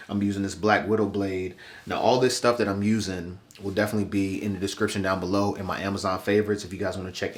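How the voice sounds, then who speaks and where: Congested young man in an echoey bathroom. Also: on the low side. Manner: relaxed, chatty, addresses viewers directly. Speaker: vlogger. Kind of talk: casual haircut tutorial. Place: small bathroom, indoors.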